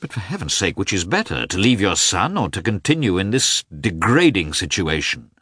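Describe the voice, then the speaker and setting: A man's voice: deep voice, very animated, moderate pace, a bit bright, husky, no room sound, studio quality, pitched above the performer's own voice, full character voice. A man reading the part of an earnest young officer who pleads and entreats, in an audiobook. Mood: pleading.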